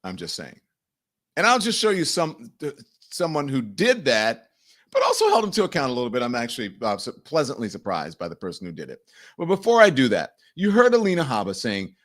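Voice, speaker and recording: A man's voice: medium pitch, brisk. A man hosting a live news show and commenting on the day's stories. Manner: animated, mimics people in quoted voices. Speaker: show host.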